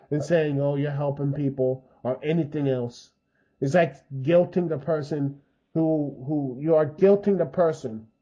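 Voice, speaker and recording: Male video host, slightly high voice, rambling, heated, lo-fi recording. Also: warm tone. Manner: rambling, many fillers and restarts; frustrated, heated. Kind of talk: unscripted opinion commentary. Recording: dull lo-fi mic.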